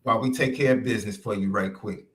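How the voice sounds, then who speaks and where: A man's voice: fairly low pitch, fast. A man co-hosting a sports podcast in casual debate, teasing his partner and repeating points for emphasis.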